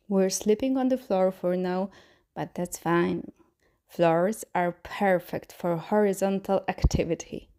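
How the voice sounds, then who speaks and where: A woman's voice: lowish voice, warm tone. A woman voicing a sarcastic young man in a fan-fiction reading, reading his wry letter in a dry, mock-formal way.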